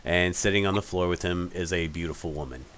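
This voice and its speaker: A man's voice: low-pitched, fairly quick, a bit bright, a little hiss or hum. A man narrating a tabletop game as game master, rambling with many fillers and restarts.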